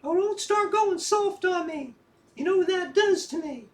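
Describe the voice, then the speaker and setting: An actress in an audio drama playing a blunt, teasing woman friend who has a soft side. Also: extremely high pitch, measured pace.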